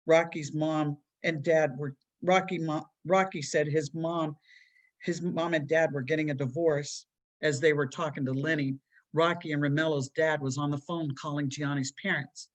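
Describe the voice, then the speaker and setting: A woman's voice: low-pitched, steady tone, moderate pace. Children's author narrating her storybook, earnest and plain. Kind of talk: reading her own children's book aloud.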